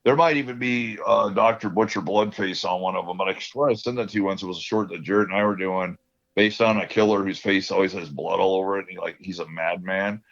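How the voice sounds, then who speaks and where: A man's voice: deep voice, brisk, vocal fry, a bit bright. A man telling rambling stories in casual podcast chat, laughing often. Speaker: podcast co-host. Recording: dull lo-fi sound.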